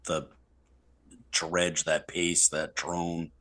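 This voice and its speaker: A man co-hosting a music podcast, joking and casual. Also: sits low. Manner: joking, drawn-out and lively. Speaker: podcast co-host. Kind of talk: casual chat.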